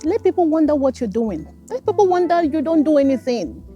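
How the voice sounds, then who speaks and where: Nigerian woman coach, earnest motivational vlog, mellow, faint guitar bed. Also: sits high, brisk. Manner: earnest, repetitive, animated, addresses listener as darling. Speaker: life coach. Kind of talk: casual motivational talk to camera. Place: garden, outdoors.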